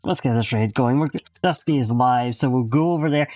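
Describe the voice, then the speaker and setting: A man chatting casually as he wraps up a game stream, relaxed and loose. He is on a close mic in a dry room, with soft music playing under his voice. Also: mid-range voice, fairly quick, no room sound.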